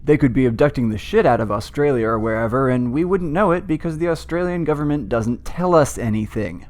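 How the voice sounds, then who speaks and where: A man narrates a strategy game with dry, sarcastic humor. He speaks in a deadpan manner at a middle pitch. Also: fairly quick, hardly any pauses. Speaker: gameplay commentator. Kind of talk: comedic scripted let's-play commentary.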